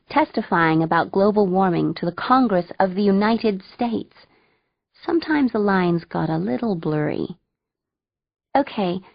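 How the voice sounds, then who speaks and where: A woman reading a first-person audiobook with a wry voice and animated dialogue. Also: fairly low pitch, gravelly, no echo, muffled recording. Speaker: audiobook narrator.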